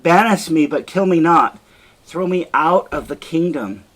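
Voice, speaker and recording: A desperate young noblewoman begs for her life, as a man reads her in a raised voice. Her lines come high and pleading, read slowly for a class. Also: expressive.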